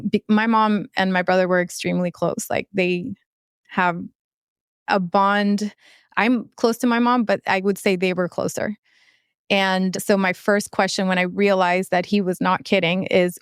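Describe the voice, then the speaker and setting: A woman in her thirties speaks as a guest on an interview podcast. Her voice is smooth and clear, recorded close and dry. She talks haltingly and often searches for words. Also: medium pitch, fairly even intonation, dry recording. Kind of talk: emotional interview storytelling.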